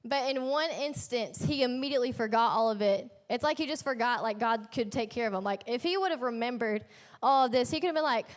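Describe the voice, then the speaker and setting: Young woman youth leader giving a laid-back sermon, kinda high voice, talks like she's telling friends a story. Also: fairly quick. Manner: chatty, slangy storytelling with playful asides. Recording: echoey hall.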